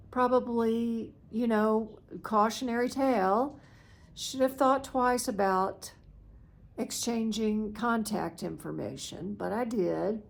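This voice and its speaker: A woman's voice: medium pitch, vocal fry. A woman in her sixties tells a story in a casual vlog, chatty and self-mocking, laughing at her own misadventure. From United States. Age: 60s. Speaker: vlogger.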